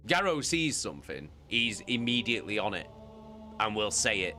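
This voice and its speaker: A young man talks casually to his live-stream viewers, swearing freely and breaking into laughter. His voice swings widely in pitch and has a bright, forceful edge. Faint music plays underneath. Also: normal speed. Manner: excitable, swears a lot, laughs often. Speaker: streamer reading a novel with chat.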